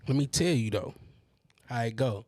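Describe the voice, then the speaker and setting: A man's voice: medium pitch, moderate pace, no echo. A man co-hosting a podcast, chatting casually and acting out stories. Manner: animated storyteller, acts out quotes in a raised voice. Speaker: podcast co-host. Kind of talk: casual chat.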